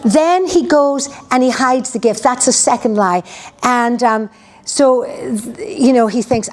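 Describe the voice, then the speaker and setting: A woman's voice: on the high side, measured pace, a little mellow. A woman preacher retelling a story in a chatty, conversational sermon, full of restarts and asides. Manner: chatty, lots of "you know", restarts.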